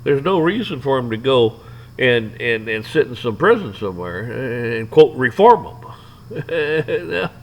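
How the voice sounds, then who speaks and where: A man's voice: mid-range voice, very animated, unhurried, poor audio. A man ranting off the cuff, rambling and swearing, with lots of restarts and fillers. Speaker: vlogger ranting to camera. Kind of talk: off-the-cuff rant.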